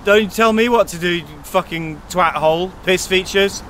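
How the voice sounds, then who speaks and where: A man with a high-sitting voice, speaking at a normal pace, plays a drunk, dishevelled businessman in a park. He hurls slurred, belligerent insults, erupting in shouting bursts, with slight background noise in the recording.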